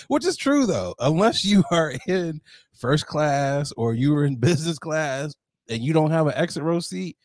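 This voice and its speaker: Podcast dude, laughs a lot while he talks, pitch all over the place, dry close mic. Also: measured pace, no room sound. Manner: laughs through his words, animated storytelling. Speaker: podcast co-host. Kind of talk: casual podcast chat.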